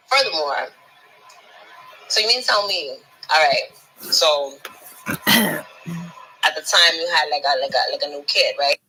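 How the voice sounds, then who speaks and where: Sharp-voiced ranting woman, scornful. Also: sits low, slightly rough, low-quality recording. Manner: scornful, mocking, swearing constantly; repeats and restarts words when heated. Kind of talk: profane ranting monologue.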